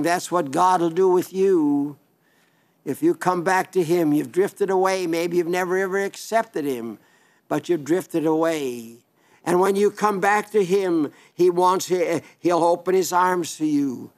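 Older male preacher, high-pitched, earnest and pleading sermon delivery. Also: a little slow. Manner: earnest, pleading, repeats phrases.

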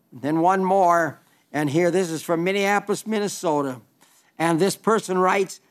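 High-voiced earnest Oklahoma preacher. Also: male voice, normal speed. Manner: earnest, emphatic, repeats phrases. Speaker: broadcast preacher. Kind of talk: sermon with listener letters.

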